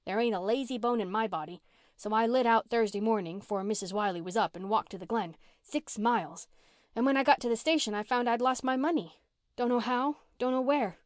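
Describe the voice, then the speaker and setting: A scrappy, half-starved runaway girl of about twelve, as a woman reader puts her on, rattling on in blunt country slang. Her voice sits up high and carries, and the recording is dry and close, with no room around it. It fits a storybook read aloud. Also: brisk, no echo, close to an everyday voice. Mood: chattering. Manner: rough country dialect, blunt and chattering.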